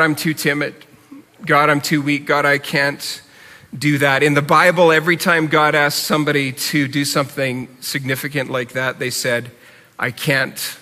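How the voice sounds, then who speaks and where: Male pastor, earnest sermon delivery, bright edge, long hall reverb. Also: fairly high pitch. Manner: earnest, conversational preaching with repeated appeals.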